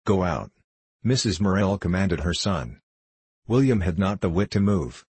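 A man reading a novel aloud as an audiobook narrator, in a steady, measured way. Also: sits low, husky, dry recording.

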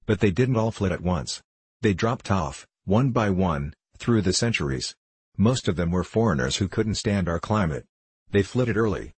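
An ancient, mischievous male sprite, read aloud by a man tells of old magic with a wry, knowing edge. His voice sits low and a little husky. The audiobook recording is close and dry. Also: a little mellow, no room sound. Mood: storytelling. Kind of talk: audiobook character reading.

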